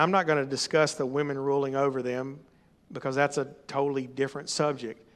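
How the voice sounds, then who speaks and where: A middle-aged man preaching a sermon, emphatic and rising to loud exhortation. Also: on the high side. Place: church or meeting hall.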